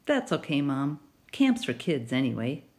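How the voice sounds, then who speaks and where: A woman's voice: rumbling low, a little slow, heavily acted. A woman voicing a weary, responsible eleven-year-old boy with an understated manner. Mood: offhand. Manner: flat, shrugging, understated.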